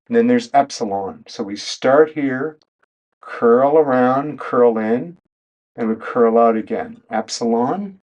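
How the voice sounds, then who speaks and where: A male teacher explains things at the whiteboard one step at a time and recites the letters in order. His pace is unhurried, with plenty of room between phrases. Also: medium pitch, animated, a little mellow, dull audio. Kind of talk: whiteboard lesson.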